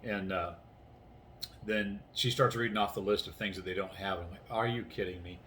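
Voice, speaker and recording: Tired man, 60s, rambling vlog chat at home, fairly low-pitched, faint hiss behind. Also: fairly even intonation, normal speed, pushed and bright. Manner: rambling, acts out conversations. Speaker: vlogger. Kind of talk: casual chatty storytelling. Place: inside his house, doors closed.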